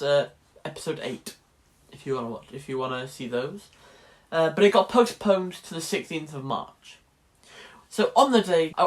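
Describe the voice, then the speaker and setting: A young man in his late teens chatting wryly in a casual vlog about his drama course. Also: on the high side. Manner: chatty and wry, restarts sentences. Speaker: drama student vlogger.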